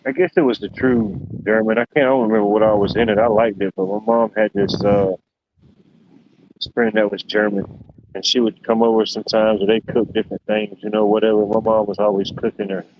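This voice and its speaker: Hosting a livestream in casual chat, a lowish-voiced man talks a little fast with a flat delivery. His rambling, laid-back storytelling is full of fillers, heard through dull lo-fi stream audio with slight background noise.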